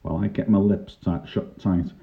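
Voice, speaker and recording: Older man, low voice, wry storytelling. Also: fairly even intonation, moderate pace, gravelly. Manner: wry, dry humour. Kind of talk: reminiscing first-person story narration. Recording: tinny lo-fi narrow-band recording.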